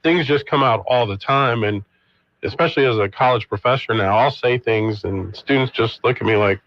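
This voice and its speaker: A man's voice: medium pitch, moderate pace. A middle-aged man co-hosting a radio show in easygoing casual chat, laughing often and trailing off mid-sentence. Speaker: radio co-host. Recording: dull dry radio studio sound.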